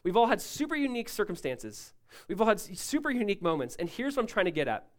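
A male pastor preaching a sermon, emphatic and rising loud, then dropping to a hushed tone, often asking listeners to follow along. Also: high-pitched, sing-song, fast. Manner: asks the congregation to follow along.

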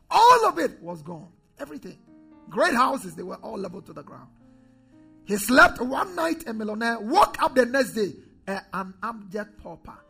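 A pastor preaching a sermon, calling on the congregation to repeat phrases, swinging from loud declarations to low quiet asides. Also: male voice, vocal fry, husky. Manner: preaching with call-and-response to the congregation.

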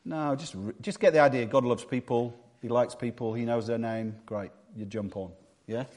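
A man from England preaching a sermon with humor, acting out quick voices and quotes. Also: mid-range voice, a little mellow.

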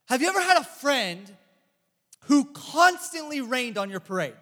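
A young man giving a casual youth sermon, chatty and animated, telling stories and reading scripture. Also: very high-pitched, normal speed. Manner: animated, chatty, lots of "like" and "bro". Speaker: youth pastor. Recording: echoey hall reverb.

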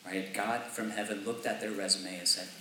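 A male pastor delivers a casual, conversational sermon, checking in with "right?" between thoughts. His voice sits a bit low but rings bright and forward. It comes from some distance in a very echoey church with a faint hiss. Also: steady tone, moderate pace. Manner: conversational, asks "right?" often, laughs lightly. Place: church sanctuary.

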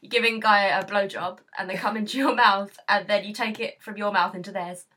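A woman's voice: mid-range voice, fairly even intonation, a little fast, sharp tone. A woman co-hosting a podcast, teasing her friend and giggling in casual chat. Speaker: podcast co-host.

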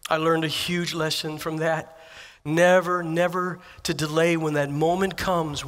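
A pastor with a slightly bright voice on the high side preaches a sermon in a church sanctuary. He tells personal stories earnestly and emphatically, repeating phrases.

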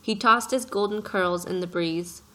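Bright-voiced woman narrating a storybook. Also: mid-range voice, rough recording. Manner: measured, gentle storytelling. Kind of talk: audiobook narration.

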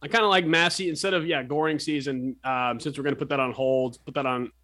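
A man's voice: a little high, fairly even intonation, fairly bright tone. Teasing, rambling male radio co-host. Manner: teasing, rambling, quick to laugh. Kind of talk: casual sports radio banter.

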